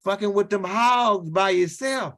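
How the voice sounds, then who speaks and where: A man voicing his uncle, who gives his nephew a slow, stern warning. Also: high-pitched, a bit bright, voice pushed up.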